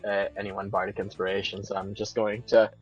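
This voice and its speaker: A player in a tabletop game who speaks hesitantly, with many pauses and restarts. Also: sits low, little pitch movement, husky, soft background music. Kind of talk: casual tabletop play. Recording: dull lo-fi mic.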